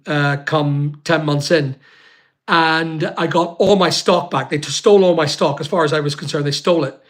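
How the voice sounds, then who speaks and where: A man telling his own story on a livestream, emphatic and repetitive, pausing often with fillers. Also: fairly high pitch, fairly bright tone. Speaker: YouTuber on a livestream. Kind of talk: emotional personal account.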